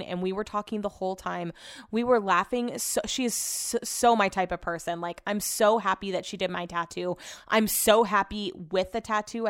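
A woman's voice: medium pitch, smooth, no echo. Young woman host, chatty storyteller, casual swearing, dead-dry room. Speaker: podcast host. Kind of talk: casual solo podcast chat.

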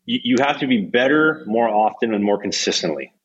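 A young man, a hockey goalie telling stories in a casual, profane, animated way with lots of restarts. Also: on the low side, a little fast, breathy edge, highs cut off. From Canada. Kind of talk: casual storytelling chat.

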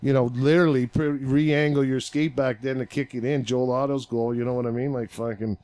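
A man in a relaxed podcast conversation who spins old hockey stories with plenty of energy and a swear word every few seconds. His voice sits at an ordinary middle pitch, and he laughs easily as he talks. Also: a little fast, smooth, dry recording. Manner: profane, animated storyteller, laughs often. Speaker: podcast guest, former hockey player. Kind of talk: casual storytelling chat.

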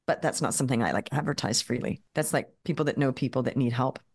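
A woman in her fifties or older, a guest coach in a podcast interview, telling stories with animated quoted dialogue and quick restarts. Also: a bass voice, slightly rough. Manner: quick talker who repeats and restarts words.

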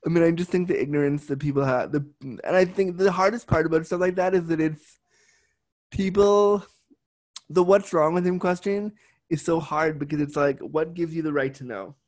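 A man's voice: on the high side, normal speed, a little mellow. A young adult man hosting a casual interview chat, candid and swearing freely. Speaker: podcast host.

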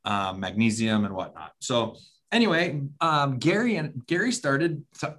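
A man's voice: medium pitch, big pitch swings, measured pace, fairly bright tone. A man co-hosting a podcast, telling a story in casual chat, rambling with many fillers and restarts. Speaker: podcast co-host.

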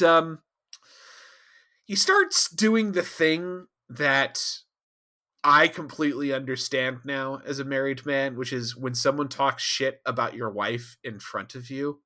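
A man co-hosting a podcast, telling a rambling, animated recap with frequent asides. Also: mid-range voice. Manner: rambling, animated, laughs often. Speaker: podcast co-host. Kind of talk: casual recap chat.

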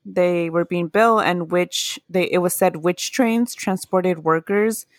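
A woman's voice: on the low side, takes it slowly, no room sound, clean studio sound. A woman casually telling folklore history in a podcast chat, earnest and laughing at her own mispronunciations. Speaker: podcast co-host.

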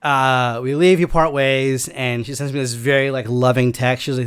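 A man telling a long personal story in casual chat, rambling and halting with many fillers and restarts. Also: mid-range voice, fairly even intonation, clean tone.

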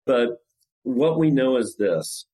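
A man's voice: medium pitch, expressive, slow pace, dark tone, rough recording. A man, a company CEO, talking as a guest in a podcast interview and acting out cold-call lines in different voices. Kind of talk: podcast interview explaining sales technique.

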